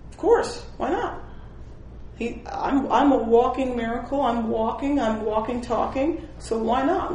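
Woman, Bible study leader, animated storytelling, roomy echo. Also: a little high, creaky, a little hiss or hum. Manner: animated storytelling, acts out quotes, laughs often. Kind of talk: informal spoken devotional. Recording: roomy echoing room.

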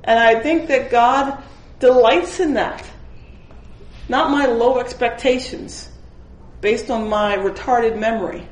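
A woman's voice: fairly high pitch, slow. A woman leading an informal Bible study who tells stories with animation, acts out the people she quotes and often laughs. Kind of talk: informal spoken devotional. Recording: roomy echoing room.

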